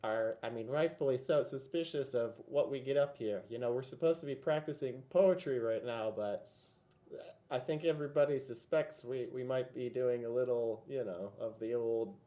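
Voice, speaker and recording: A man's voice: medium pitch, moderate pace, warm tone, natural voice. A sheepish knight stammers out excuses to his queen, voiced plainly by the game master. He hedges and trails off, half joking.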